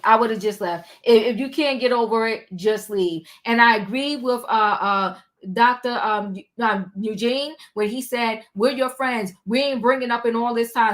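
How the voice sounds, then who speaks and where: A woman hosting a livestream, recapping a reality show in sassy, animated casual chat. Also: on the high side. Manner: animated, sassy, talks back to the people she recaps.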